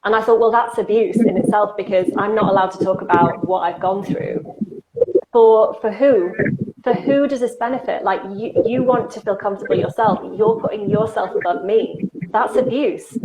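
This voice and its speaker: A woman's voice: mid-range voice, moderate pace, over a noisy crowd. A woman co-hosting a casual conversation, speaking emphatically and swearing when heated. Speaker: co-host. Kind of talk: casual chat. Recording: noisy background.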